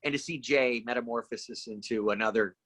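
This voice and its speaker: A middle-aged man, a guest actor, telling anecdotes in a casual podcast chat and acting out the lines of the people in them with lively energy. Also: medium pitch, fairly quick, no echo. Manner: animated anecdotes with lively acted-out quotes.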